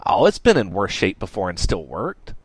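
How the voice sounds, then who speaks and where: A man voicing an exasperated, scheming young shop owner who talks in a raised, pushy, excitable way. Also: low-pitched, normal speed, breathy edge, no echo, full character voice.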